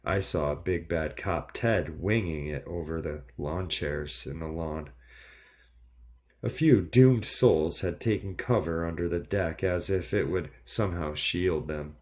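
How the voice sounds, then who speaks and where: A man reading a first-person horror story aloud in a measured, dramatic storytelling delivery. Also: deep voice, a little mellow. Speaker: narrator.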